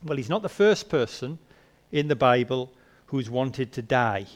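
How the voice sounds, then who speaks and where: A man preaching a sermon, asking rhetorical questions and swinging between soft and emphatic delivery. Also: medium pitch, animated, unhurried.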